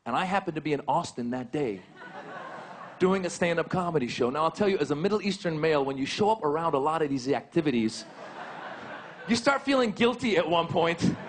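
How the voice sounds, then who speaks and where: A man in his thirties doing a stand-up comedy set, animated, leaping up in pitch for punchlines. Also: brisk, a little hiss or hum. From United States. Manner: animated, jumps high for punchlines. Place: stage before a laughing audience. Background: audience laughter.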